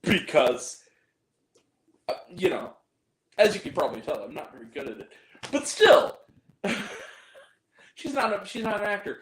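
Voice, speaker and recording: A man's voice: high voice, huge pitch swings, unhurried, long pauses, fairly bright tone, roomy sound, low-quality recording. A man giving a ranting movie review, exasperated and profane, with self-deprecating asides. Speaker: film reviewer.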